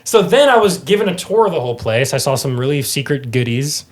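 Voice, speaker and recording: Animated man telling a story. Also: medium pitch, brisk. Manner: animated, swears often, acts out quoted dialogue. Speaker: guest actor. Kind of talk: casual storytelling chat.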